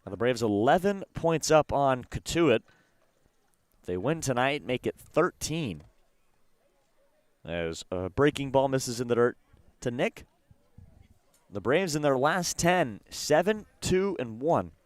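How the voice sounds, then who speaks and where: This young man calls a baseball game play-by-play, brisk and steady, slipping standings talk between pitches. His voice sits in a middle range and sounds close and dry, with no room around it. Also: no room sound. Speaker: play-by-play announcer.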